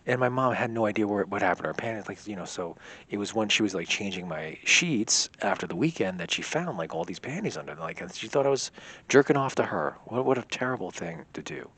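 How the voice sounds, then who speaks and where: A man's voice: on the low side, big pitch swings, fast, fairly bright tone, breathy edge. A young man telling a rambling personal story in a casual vlog, leaning heavily on filler words. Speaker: vlogger.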